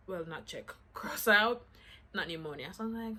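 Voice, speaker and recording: A woman's voice: lowish voice, animated, normal speed, sharp tone. A woman casually telling a personal story to her vlog audience, acting out the quotes with lots of "I'm like" asides.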